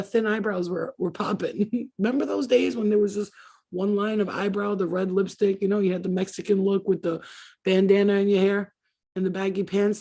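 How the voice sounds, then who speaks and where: A middle-aged woman with a mid-range voice and vocal fry hosts a livestream, chatting casually. She tells profane stories animatedly, laughing as she goes.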